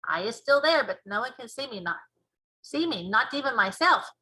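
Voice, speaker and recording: A woman teacher reading a children's book aloud with lively, expressive storytelling. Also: fairly high pitch, moderate pace, breathy edge, poor audio.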